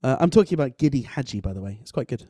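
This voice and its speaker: A man in a casual discussion, animated and jokey as he tells stories. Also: mid-range voice, racing, no room sound, clean studio sound.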